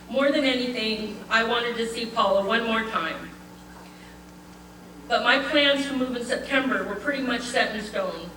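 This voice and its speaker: An older woman reading a prepared eulogy at a memorial gathering, heartfelt and measured, with light laughter. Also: fairly high pitch, sharp tone, far from the mic, slight background noise. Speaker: eulogy speaker. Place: memorial gathering in a community hall. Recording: echoey hall, voice from afar.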